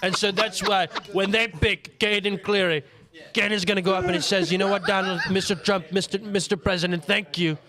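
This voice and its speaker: A man doing an impression of a boastful older politician, talking in slow, repetitive, self-praising phrases. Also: high-pitched, fairly even intonation, a crowd in the background, natural voice.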